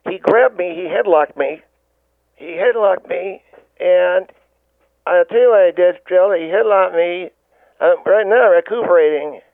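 A man's voice: high-pitched, unhurried, creaky, no echo. A man playing a brash middle-aged store owner who talks bluntly and boastfully over a tinny phone line. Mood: bossy.

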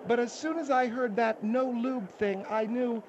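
A man putting on the voice of a prim, fussy studio guest who scolds in a high voice. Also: steady tone, normal speed, dull audio, noisy background.

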